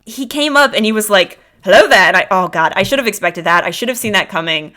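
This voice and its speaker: A woman's voice: medium pitch, animated, quick pace, sharp tone. A young woman hosting a podcast, giving a casual, gushing reaction that rambles and restarts as she thinks aloud. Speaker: podcast host reacting to a show. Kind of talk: casual solo reaction commentary.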